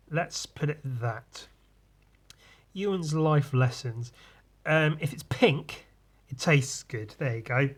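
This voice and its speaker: A man hosting a solo podcast, tipsy from drinking and rambling loosely, often trailing off and restarting. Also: fairly high pitch. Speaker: podcast host. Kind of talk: rambling casual monologue.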